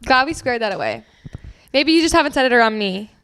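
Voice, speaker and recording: A young woman with a high-pitched voice talks with a friend on a podcast. She pushes back with playful, emphatic disbelief and a teasing edge, and she keeps things casual. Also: very animated, fast talker, fairly bright tone, clear, resonant tone. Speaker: podcast co-host. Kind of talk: casual chat.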